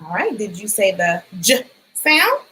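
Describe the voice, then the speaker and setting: A woman teacher giving a phonics lesson for young children, sounding out letters and words clearly and encouraging them. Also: medium pitch, huge pitch swings, unhurried, sharp tone, low-quality recording. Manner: encouraging, asks questions and waits.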